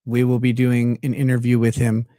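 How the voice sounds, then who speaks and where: A man's voice: mid-range voice, completely flat delivery, moderate pace, warm tone, dry recording, clean studio sound. A man hosting a livestream in casual chat, blunt and profane, laughing often. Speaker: livestream host.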